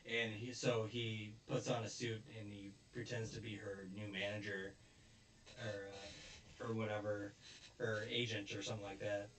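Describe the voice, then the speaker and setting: A man's voice: fairly low pitch, little pitch movement, moderate pace, fairly bright tone, echoey room, distant mic, a little hiss or hum. Man rambling through an episode recap. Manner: rambling, chuckles often. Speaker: anime reviewer.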